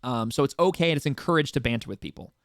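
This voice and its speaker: Fast-talking man running a community meeting. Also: mid-range voice, lively intonation, no echo, studio quality. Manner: rambling, frequent restarts and fillers; informal, occasionally swears for emphasis. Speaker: roleplay server staff host. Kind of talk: casual community meeting announcements.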